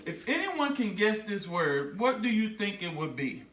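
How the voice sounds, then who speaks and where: Casting: high-voiced male teacher, very slow and patient, leads children through repeated words, echoey room. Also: sing-song, fairly bright tone, distant mic, slight background noise. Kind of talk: phonics lesson for young children.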